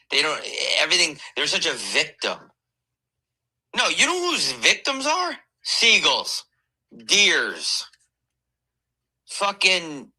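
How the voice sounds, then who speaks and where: Guy ranting on his podcast from bed, swears a ton, super bright sharp voice, pitch jumps all over. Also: poor audio. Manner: profane, animated rant with dramatic slowdowns. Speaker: podcast host. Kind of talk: ranting comedic monologue.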